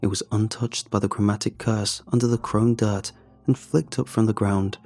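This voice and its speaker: A man narrating a first-person story in a measured, steady way. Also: fairly low pitch, slightly rough.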